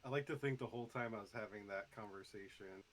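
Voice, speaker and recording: A man's voice: lowish voice, quick pace, slight background noise, poor audio. A man speaking as a player in an easygoing, thoughtful way.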